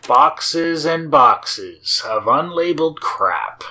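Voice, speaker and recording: A man hosting his own game series, chatting casually as he plays and reads through code, rambling and often laughing softly. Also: on the high side, lively intonation, slow pace, slight background noise. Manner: rambling, chatty, with frequent fillers and small laughs. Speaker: host of a game and source-code video series. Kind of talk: casual commentary while playing and reading code.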